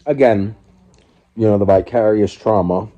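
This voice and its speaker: Eating on his couch at home, a man in his forties records a casual mukbang vlog on his phone, talking in a candid, reflective way and restarting his thoughts loosely. His voice is lowish and dark in tone, his pace measured, and the sound is lo-fi.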